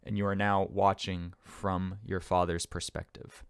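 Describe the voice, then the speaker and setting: Gravelly low-voiced game master. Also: male voice, little pitch movement, measured pace, no echo, studio quality. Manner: descriptive, meandering with fillers. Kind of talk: narrating a tabletop game.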